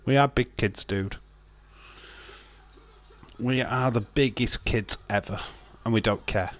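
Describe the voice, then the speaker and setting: On a wrestling watch-along live stream, this man chats in a slow, medium-pitched voice. He's blunt and rambling, tends to repeat himself, and laughs a lot.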